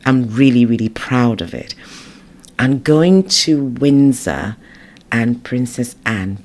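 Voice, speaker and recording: A middle-aged woman from the United Kingdom is a guest in a casual interview, telling her stories in an animated, emotional way. She acts out her own thoughts, often quoting them aloud, and speaks slowly in an extremely low pitch.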